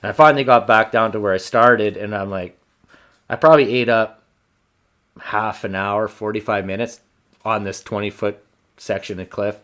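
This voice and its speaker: A man hosting a podcast, telling a hunting story in a casual, animated, profane way. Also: lowish voice, normal speed, pauses often. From Canada. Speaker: podcast host.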